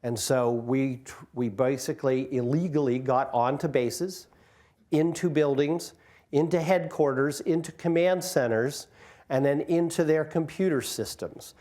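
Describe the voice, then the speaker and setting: With a slightly high voice, a dark tone and a measured pace, a man in his sixties gives an informal talk at a community hall. As a guest speaker on the microphone, he shares self-deprecating jokes and stories from his working life.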